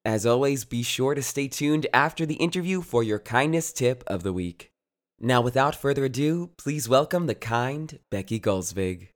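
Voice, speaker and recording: A man's voice: medium pitch, lively intonation, moderate pace. A man hosting a podcast, bubbly and playful as he opens the show. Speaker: podcast host. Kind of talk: podcast intro and chat.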